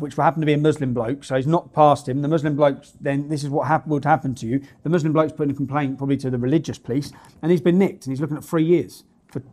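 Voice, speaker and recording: A man with a fairly high voice reads out news stories and rails against them. His delivery is blunt and indignant, and he is full of slang and swear words. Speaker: vlogger reading out news stories. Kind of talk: ranting commentary on news.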